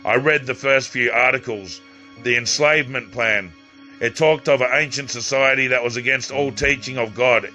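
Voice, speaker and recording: A man narrating his own audiobook in a halting, unpolished way, sometimes repeating or correcting himself. His voice is bright and forward, with faint music playing under it. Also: medium pitch. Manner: halting reading with restarts and slips. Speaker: author reading his own novel.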